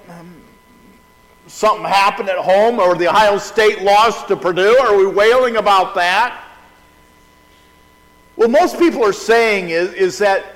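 A middle-aged man with a fairly high voice preaches a sermon, talking it through in a loose, conversational way and stumbling over restarts. His voice rings out with a long reverb in a large hall. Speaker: pastor.

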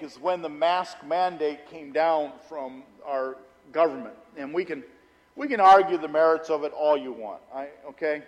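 A middle-aged man preaching a sermon as pastor, telling personal stories conversationally and dropping low and intense for emphasis. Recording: long hall reverb.

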